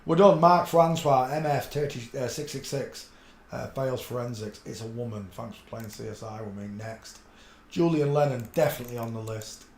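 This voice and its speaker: A man hosting a solo livestream, talking to himself in a blunt, crude way and swinging from low muttering to loud excited outbursts. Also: normal speed, reverberant. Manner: mutters under his breath, then bursts out loud and excited; blunt and crude, talks to himself while searching images. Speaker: livestream host. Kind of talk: rambling solo livestream commentary.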